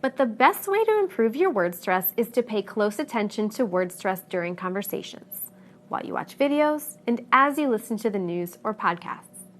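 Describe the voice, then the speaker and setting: A woman narrating a scripted pronunciation lesson, speaking clearly and deliberately and stressing each example word. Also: medium pitch, very animated, fairly bright tone. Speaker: English pronunciation teacher.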